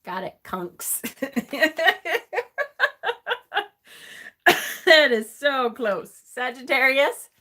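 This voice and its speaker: Woman host, live-stream chat, bright and forceful tone, high-ish voice, laughs easily, reads aloud and answers chat. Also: expressive, takes it slowly. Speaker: host of a tarot channel.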